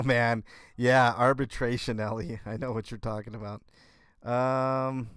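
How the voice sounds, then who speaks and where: A man hosting a casual livestream from home, talking with his viewers in a halting way and often restarting his sentences. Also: medium pitch, smooth, no echo, studio quality. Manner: halting, restarts and repeats words. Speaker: livestream host. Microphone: computer setup.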